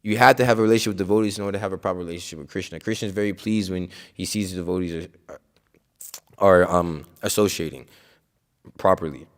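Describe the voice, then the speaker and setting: A man's voice: low voice, fast. A man speaking at a scripture class in a loose, conversational way, full of "like" and "you know", with emphatic, outspoken conviction. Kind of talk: informal religious talk.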